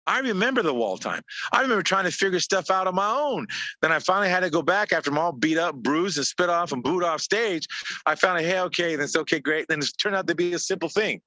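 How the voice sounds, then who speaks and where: A man's voice: high-pitched, lively intonation, fast, pushed and bright, no room sound. A man coaching business owners in a motivational talk over a video call, emphatic and repetitive, stacking short punchy phrases.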